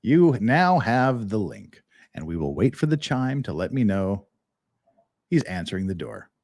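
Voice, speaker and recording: Animated man hosting a live legal stream. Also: on the low side, measured pace. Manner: animated, joking, chatty with chat. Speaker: podcast host.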